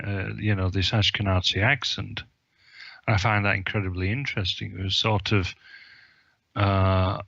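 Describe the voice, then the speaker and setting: A man's voice: fairly low pitch, pushed and bright, dry recording, lo-fi sound. A man co-hosting a casual film discussion podcast, talking in a hesitant way with many ums and restarts. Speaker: podcast co-host; publisher.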